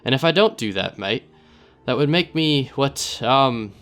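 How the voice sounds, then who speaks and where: A man voicing a shifty, wary scrap merchant who talks in a rough drawl, calling people "mate.". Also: on the low side, level tone, a little fast, faint music behind. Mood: gruff. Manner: rough-edged drawl, says "mate" and "aye".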